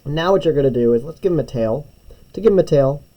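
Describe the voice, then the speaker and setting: A man's voice: on the high side, lively intonation, fast talker, muffled recording. A young man who teaches music, walking kids through a drawing step by step in a patient, encouraging way. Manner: patient, step-by-step, often checks with "right?". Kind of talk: drawing tutorial lesson.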